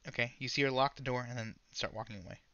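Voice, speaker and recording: A man narrating as game master of a tabletop game, casual and halting with fillers. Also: medium pitch, steady tone, lo-fi sound, a crowd in the background.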